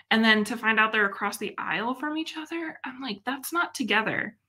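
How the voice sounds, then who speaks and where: Bright-voiced chatty young woman. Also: a little high, normal speed. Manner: chatty and expressive, laughs often. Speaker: livestream host. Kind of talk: casual live-stream chat.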